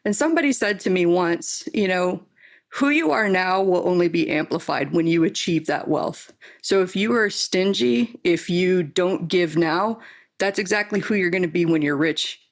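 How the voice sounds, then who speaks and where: A woman's voice: fairly low pitch, normal speed. Frank, heartfelt woman podcast host. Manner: heartfelt and frank, with mild swearing. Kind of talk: casual interview talk.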